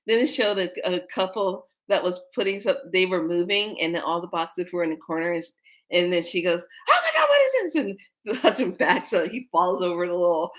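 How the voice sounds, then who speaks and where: A woman vlogger telling a story in a casual way, animated and often breaking into laughter. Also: on the low side, moderate pace.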